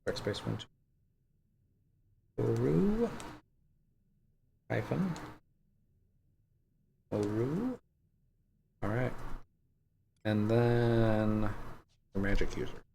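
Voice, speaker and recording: A man streaming a video game, thinking out loud in a casual, musing way as he weighs his choices. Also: mid-range voice, extremely slow, vocal fry, long pauses, a little hiss or hum. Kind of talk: casual live-stream commentary. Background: faint game music.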